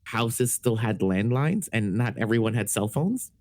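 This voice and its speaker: A man on a podcast panel telling a story in a relaxed way, with lots of fillers and swearing. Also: mid-range voice, a little slow. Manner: laid-back, swears freely, many fillers. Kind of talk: casual storytelling.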